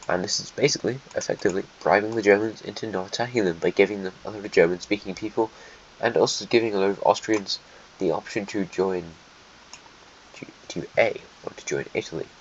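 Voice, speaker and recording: Male narrator, lowish voice, dry sarcastic map commentary, dull home mic with faint hiss. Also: brisk. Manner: offhand, sarcastic, mutters asides while drawing. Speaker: alternate history narrator. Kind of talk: casual map-drawing narration.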